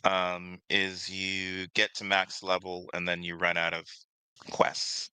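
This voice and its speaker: A man's voice: sits low, gravelly, bright, forceful tone, smooth, no echo, poor audio. A man co-hosting a casual discussion, talking with many fillers and restarts. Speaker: podcast co-host.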